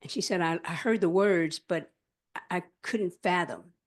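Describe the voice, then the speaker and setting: A middle-aged woman delivers an impassioned public speech, telling stories in an earnest, measured way. She repeats key phrases for weight and answers her own rhetorical questions with firm conviction. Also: lowish voice. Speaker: former state senator giving a speech.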